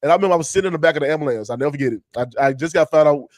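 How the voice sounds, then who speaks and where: A man hosting a casual podcast chat over a remote call, telling stories in an animated, profane way and laughing loudly. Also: fairly high pitch, very fast, no room sound. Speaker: podcast host. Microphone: remote streaming call.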